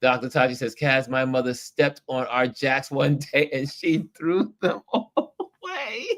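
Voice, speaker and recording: A middle-aged man hosting a livestream, reading viewer comments aloud in casual chat, animated and nostalgic and quick to laugh. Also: mid-range voice. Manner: laughs often, animated and nostalgic, stretches words.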